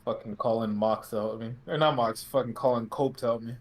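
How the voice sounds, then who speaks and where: Male podcast co-host, mid-pitched, sarcastic profane ranter. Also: fairly even intonation, fairly quick. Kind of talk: casual wrestling podcast chat.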